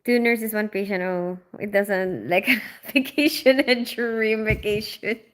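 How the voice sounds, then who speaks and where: A young adult woman who grew up in the Philippines, hosting a casual livestream and chatting quickly with many fillers and laughs while reading out comments. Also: mid-range voice. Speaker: livestream host, operating room nurse.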